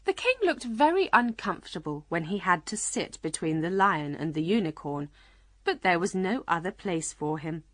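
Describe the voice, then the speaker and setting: A woman narrating a children's storybook audiobook in a clear, measured reading. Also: mid-range voice, fairly bright tone, no room sound.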